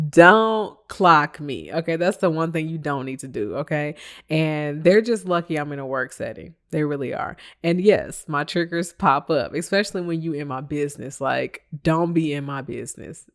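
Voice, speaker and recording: At a moderate pace and in a mid-range voice, a podcast host tells a work story as a casual monologue. He's animated and emphatic, laughing often and throwing blunt asides at his listeners.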